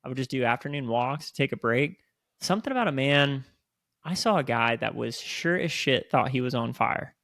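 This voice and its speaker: Gravelly-voiced man telling lively stories. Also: medium pitch, normal speed, no room sound, studio quality. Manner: animated storyteller, swears casually. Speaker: podcast co-host. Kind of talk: casual chat.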